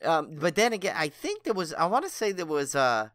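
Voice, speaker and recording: A man's voice: on the high side, sing-song, fairly quick, a bit bright, dry recording, clean studio sound. A man co-hosting a podcast, chatting casually in a rambling way full of likes and restarts. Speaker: podcast co-host. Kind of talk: casual chat.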